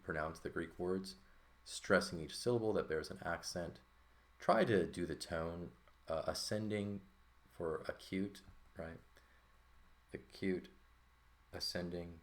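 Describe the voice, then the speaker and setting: A man teaching a Greek lesson in a relaxed, thinking-aloud way, with fillers and checks like "right?". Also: a bass voice. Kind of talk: casual lesson walkthrough.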